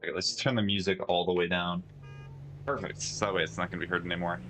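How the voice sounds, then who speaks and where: His voice sitting low and his pace quick, a streamer talks casually as he plays a driving game and responds to viewer chat. A steady hum and noise run underneath.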